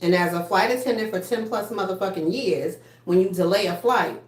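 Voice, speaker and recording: A woman's voice: medium pitch, fairly quick. A woman in her thirties hosting a casual livestream, chatting bluntly with lots of cursing and reading viewer comments. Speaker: livestream host. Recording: echoey room.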